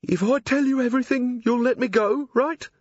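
A man putting on a whiny, wheedling, dim-witted crook, pitched well up, with a pleading edge on every word. A husky grain runs under it, and the recording sounds dry and a little muffled. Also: moderate pace, no echo. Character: nervous wheedling man, blunt-witted candle maker.

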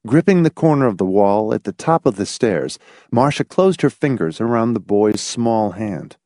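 A man narrating a novel in an expressive storytelling reading. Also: on the low side, normal speed, dry recording, clean studio sound. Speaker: audiobook narrator. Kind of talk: scripted narration.

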